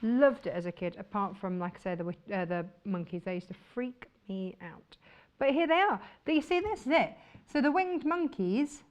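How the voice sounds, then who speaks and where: A woman's voice: medium pitch, lively intonation, moderate pace. A woman presenting fabrics on a shopping channel, chatty and enthusiastic. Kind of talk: chatty live sales presentation.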